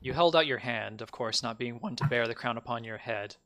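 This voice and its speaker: A man's voice: medium pitch, a little fast, pushed and bright. A man narrating a tabletop game as game master in a casual, loose way. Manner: casual narration with fillers, swearing.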